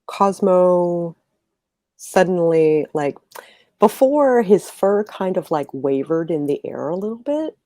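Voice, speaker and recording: A woman narrating and running a tabletop role-playing game in a relaxed, descriptive way. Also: lowish voice, slow pace, no echo. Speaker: game master.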